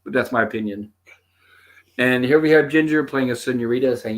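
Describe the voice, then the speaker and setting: Male host of mid pitch, chatty commentary, acts out bits of dialogue. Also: brisk. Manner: retells scenes, quoting the characters' lines. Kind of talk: casual episode commentary.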